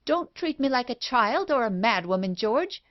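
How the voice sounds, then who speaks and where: A woman reading an audiobook, voicing a frantic, guilty woman accomplice in a shrill voice on a dull, lo-fi recording. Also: sing-song, normal speed.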